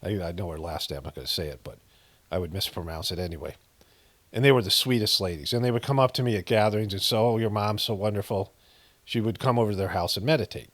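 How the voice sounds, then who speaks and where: A man's voice: deep voice, expressive, fast, a bit bright, no echo. A middle-aged man casually telling a personal story, rambling with many fillers and restarts, frank and sometimes profane. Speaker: meditation practitioner telling a story.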